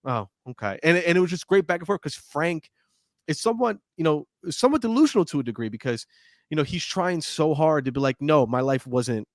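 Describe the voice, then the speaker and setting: A man's voice: a little high, expressive, fast talker, no echo, studio quality. A man co-hosting a podcast, chatting casually about a film and animatedly retelling its scenes. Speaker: podcast co-host. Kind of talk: casual movie breakdown chat.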